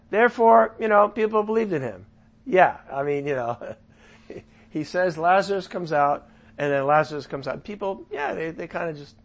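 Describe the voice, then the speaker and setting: A man leading a casual Bible study, paraphrasing scripture in his own words with chatty asides and swinging from loud to soft. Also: a little high, dull audio. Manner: lively shifts from loud to soft.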